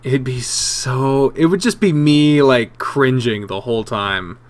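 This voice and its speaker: A man's voice: medium pitch, slow. A man hosting a casual viewer Q&A, reading comments aloud in a rambling, self-mocking way and swearing freely. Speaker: channel host answering viewer questions.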